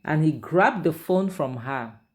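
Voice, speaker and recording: A man recapping a drama episode in an animated, emotional, casual way. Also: fairly high pitch, measured pace. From Nigeria. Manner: animated, emotional retelling with conversational fillers. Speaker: drama series reviewer.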